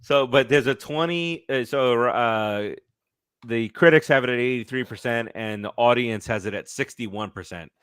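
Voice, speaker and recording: A man co-hosts a sports and movie podcast, rambling through casual chat with many fillers and restarts. His medium-pitched voice moves at normal speed and is a bit bright, clear, and resonant, recorded dry in a clean studio.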